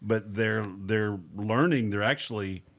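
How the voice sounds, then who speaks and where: Easygoing pastor, low voice. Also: male voice, unhurried, fairly bright tone. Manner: easygoing, folksy, says y'all. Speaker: pastor, book author. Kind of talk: casual chat.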